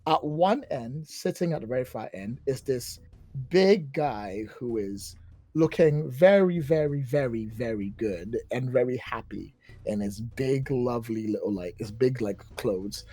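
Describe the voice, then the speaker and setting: A man's voice: medium pitch, expressive, measured pace, mellow. A man running a tabletop game, chatty and self-mocking. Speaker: game master.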